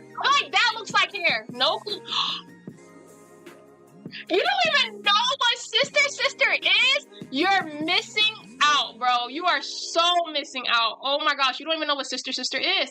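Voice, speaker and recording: A woman's voice: high voice, sharp tone, poor audio. A woman chatting casually and animatedly with her viewers while drawing live, in a rambling style.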